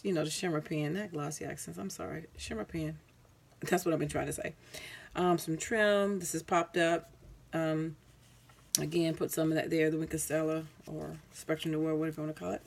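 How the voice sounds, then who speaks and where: A woman's voice: sits low, gravelly. A woman showing her crafts in a casual, rambling vlog, tired, correcting herself with plenty of ums, recorded at home on a camera mic. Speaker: craft vlogger. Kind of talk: casual show-and-tell.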